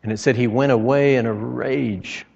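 A man's voice: mid-range voice, steady tone, moderate pace, creaky, a little mellow, breathy edge. A man preaching a sermon, telling stories with dramatic retellings and emphatic outbursts. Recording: echoey hall, dull lo-fi sound.

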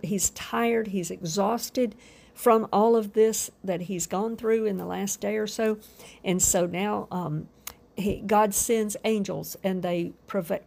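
A woman preaching a sermon with fervent emphasis, drawn-out phrases and soft asides. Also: mid-range voice, gravelly.

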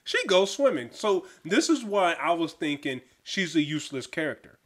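Podcast host, man, slightly high voice, lively and chatty. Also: moderate pace. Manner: animated, laughs often, stumbles over names. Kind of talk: casual film review chat.

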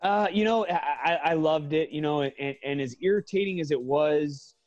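A man's voice: on the high side, normal speed, a little mellow, highs cut off, soft background music. A man in his thirties, an MMA fighter guesting on a podcast, telling a long story in a loose, profane way and often correcting himself mid-sentence.

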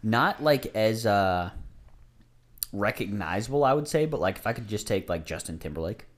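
A man's voice: lowish voice, animated, moderate pace. A man in casual podcast chat, easygoing and a bit hesitant.

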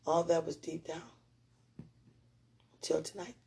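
Gravelly, husky woman pouring her heart out. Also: low voice, flat delivery, a little slow, a little mellow. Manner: heartfelt, rambling, talking to her partner; prayerful asides to God. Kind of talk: emotional personal testimony.

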